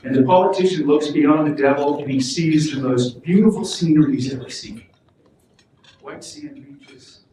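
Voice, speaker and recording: A man's voice: on the high side, normal speed, dark tone, slight background noise. Middle-aged man, public speech, earnest and emphatic, very echoey hotel hall, distant mic. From Alaska. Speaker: speaker at a political event. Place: hotel function room.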